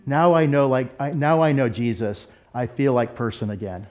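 A man voicing an earnest hotel night clerk who speaks in halting, broken phrases. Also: mid-range voice, expressive, darkish tone, highs cut off, close to an everyday voice. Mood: moved.

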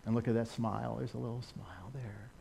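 An American man giving a sermon over a slideshow, animated, with laughing asides and excited exclamations. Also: mid-range voice, brisk, creaky, a little hiss or hum. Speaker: missionary speaker.

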